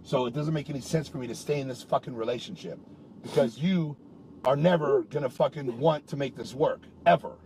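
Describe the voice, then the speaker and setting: A man's voice: medium pitch, a little fast, background noise. A man in a heated private argument, talking in an angry, profane, accusing rant.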